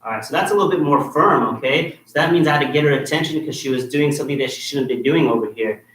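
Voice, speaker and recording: A man's voice: on the high side, fast, fairly bright tone. Roomy-sounding man coaching a kids' class. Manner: firm and encouraging, checks in with "okay?" after nearly every point. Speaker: martial arts instructor. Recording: echoey room with faint noise.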